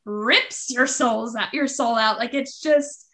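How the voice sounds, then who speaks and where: A woman co-hosting a casual book podcast, retelling scenes in an excited, emotional way. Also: fairly high pitch, slow. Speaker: podcast co-host.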